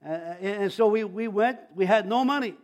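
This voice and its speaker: Older male preacher, very high pitch, conversational sermon, frequent stammered repeats, bursts of volume on key lines. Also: normal speed. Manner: testimony-style preaching with many restarts and stammers. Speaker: pastor.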